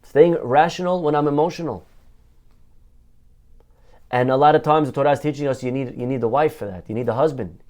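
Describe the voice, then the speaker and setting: A rabbi man delivering a Torah lesson sermon in a mid-pitched voice. He talks with animation, firing off rhetorical questions and answering them himself, and he repeats key phrases to drive a point home. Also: a little fast, pauses often, a little mellow.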